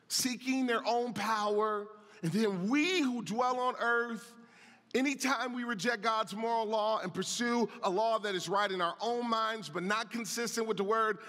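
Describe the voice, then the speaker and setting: Bright-voiced preacher in a reverberant hall. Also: male voice, high-pitched. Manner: impassioned preaching that swells into a sing-song cadence. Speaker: pastor. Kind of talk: sermon. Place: church sanctuary.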